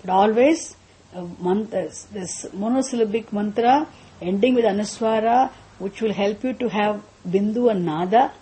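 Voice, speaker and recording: Slow chanting grows out of this woman's step-by-step mantra lesson. Mellow and dark-toned at a middle pitch, she teaches patiently, repeating and restarting often.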